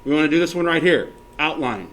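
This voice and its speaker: A man's voice: a little high, animated, fast talker, a bit bright. Male teacher walking a class through steps. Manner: checks in often with the class, counts options aloud. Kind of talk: classroom software tutorial.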